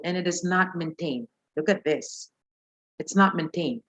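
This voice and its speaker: A woman's voice: sits low, expressive, measured pace, a bit bright, low-quality recording. Filipino woman teaching with emphatic "okay?"s. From Philippines. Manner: emphatic, punctuates points with a questioning "okay?". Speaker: IELTS speaking teacher. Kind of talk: live online lesson.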